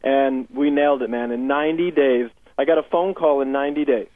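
A man's voice: mid-range voice, steady tone, a little fast, dry recording. Upbeat man on a tinny phone line. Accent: Southern Californian. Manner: upbeat storytelling, quotes clients in dialogue. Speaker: guest, life coach. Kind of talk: radio interview by phone. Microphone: phone headset.

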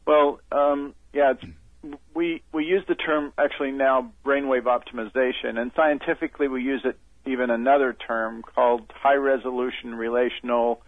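Guy calling in on a tinny phone line, lots of ums, mid pitch, explains things slowly. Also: fairly even intonation, dry recording. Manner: hesitant, many ums, explains step by step. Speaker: guest on phone. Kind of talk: phone interview.

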